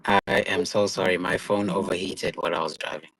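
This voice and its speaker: A man tutoring isiZulu on a casual live stream, patiently repeating words slowly and laughing easily. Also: sits low, steady tone, fairly bright tone, no room sound, low-quality recording. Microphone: phone.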